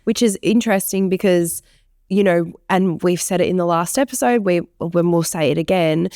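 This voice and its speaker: A woman's voice: lowish voice, moderate pace, dark tone, no room sound, studio quality. A woman co-hosting an educators' podcast, leading the discussion and prompting her co-hosts in casual chat. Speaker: podcast co-host.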